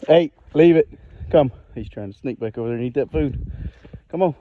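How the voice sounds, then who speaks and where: A man's voice: mid-range voice, normal speed, phone-quality sound. A man narrating his farm chores casually outdoors, chatting to and calling his animals while filming on a phone in his hand. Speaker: farm vlogger. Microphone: phone held in one hand. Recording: outdoor phone audio with noise.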